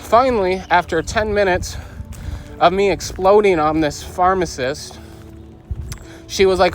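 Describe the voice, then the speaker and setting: A man's voice: sits high, unhurried, long pauses, faint music behind, poor audio. A man telling a story as a vlog host, agitated and venting, often quoting people in a raised voice. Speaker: podcast host. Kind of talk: casual angry storytelling vlog.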